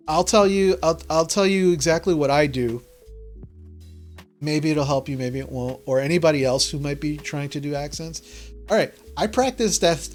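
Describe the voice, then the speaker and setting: A man who runs a tabletop game, chatting casually and answering viewer questions with many fillers and restarts. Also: a little high. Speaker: dungeon master.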